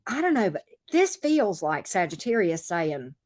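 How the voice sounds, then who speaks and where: A woman's voice: lowish voice, big pitch swings, measured pace, darkish tone. A woman giving a casual tarot reading, chatting straight to her viewers, teasing them playfully and repeating her phrases. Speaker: tarot reader.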